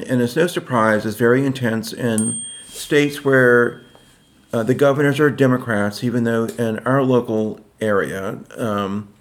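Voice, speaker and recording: An older man in his sixties co-hosting a casual podcast. His pitch sits in the middle of the range, and he leans hard on key words, slowing down to drive each point home. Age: 60s. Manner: measured, drawn-out emphasis on key words. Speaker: podcast co-host. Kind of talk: casual political chat.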